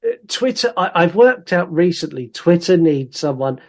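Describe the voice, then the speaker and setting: Male podcast co-host, slightly high voice, lively and teasing. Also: normal speed. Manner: animated, reads listener comments aloud with put-on voices. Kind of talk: casual chat.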